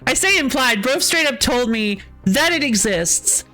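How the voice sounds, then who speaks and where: A woman's voice: high-pitched, expressive, unhurried, bright, forceful tone, faint music behind. A woman streamer chatting casually while playing, ranting with frequent laughs and sighs. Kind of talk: casual game stream chat.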